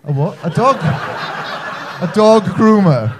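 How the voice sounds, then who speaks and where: A young North Welsh man working a comedy club crowd with cheeky, self-mocking banter. His voice sits a little high for a man, and he chats to the audience between jokes in an easy stand-up rhythm. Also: lively intonation, slow pace, noisy background. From Wales. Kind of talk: stand-up set with crowd work.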